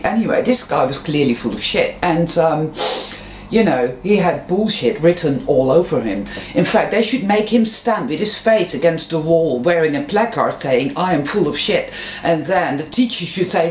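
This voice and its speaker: A woman's voice: on the low side, darkish tone. Rambling frank woman vlogging at home. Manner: rambling, frank, swears freely, laughs at own jokes. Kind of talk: casual monologue to camera. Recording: roomy echo, faint background noise.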